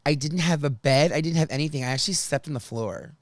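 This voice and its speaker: A man hosting a podcast, telling stories from his life in a chatty, animated way. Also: a little high, fast talker, no room sound, studio quality. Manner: chatty, animated, restarts and laughs often. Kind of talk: casual storytelling chat.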